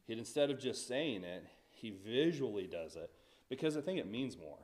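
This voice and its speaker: A man's voice: mid-range voice, big pitch swings, moderate pace, a little mellow. A man teaching a Bible study in a church, talking conversationally and asking the class questions.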